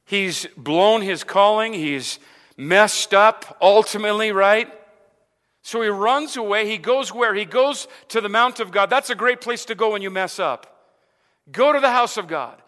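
A male preacher delivering a sermon, asking the congregation rhetorical questions, repeating words and building to loud emphatic passages. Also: measured pace. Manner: builds to loud emphatic stretches, then drops low. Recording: long hall reverb.

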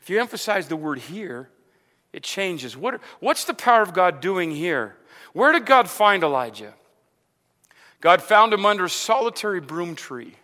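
In a large hall, this Arizona pastor's high voice swings widely in pitch, bright and forceful at a normal pace. He preaches conversationally, often saying "amen" and repeating himself as he builds his point.

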